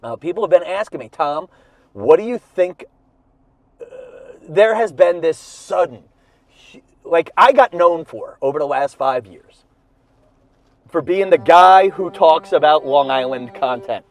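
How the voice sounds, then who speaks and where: Driving in the cold, a comedian runs his podcast from inside his car, talking in a self-deprecating, rambling way full of fillers and restarts and a bit breathless. His voice is on the high side, with lively intonation, a little slow and with long pauses. The in-car video camera captures it with no echo.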